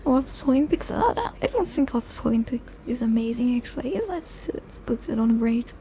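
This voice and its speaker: A young woman ASMR creator speaks softly in a high, mellow voice, animated and at normal speed. She rambles, loses focus, drifts off topic, pokes fun at herself and occasionally slips into a whisper. A faint hum sits in the background.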